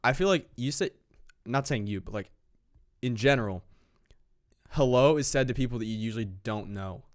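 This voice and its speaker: A man's voice: medium pitch, animated, normal speed. A young man co-hosting a podcast, telling stories in a casual, playful way. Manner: storytelling, playful, repeats phrases for laughs. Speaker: podcast co-host. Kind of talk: casual chat.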